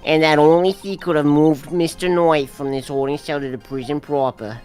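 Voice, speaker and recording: A man's voice: a little high, steady tone, moderate pace, darkish tone, soft background music, lightly acted. A man voicing a grave, pompous older male judge with a formal, declamatory manner, in an improvised comedic game dub. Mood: stern.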